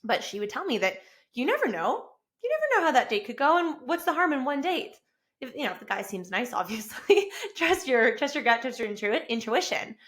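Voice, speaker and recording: A woman's voice: sits high, a little fast. A woman in her thirties hosting her own podcast, talking casually and enthusiastically. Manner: enthusiastic, effusive, rising to excited bursts. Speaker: podcast host. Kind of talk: casual solo podcast monologue. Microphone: self-recorded with camera.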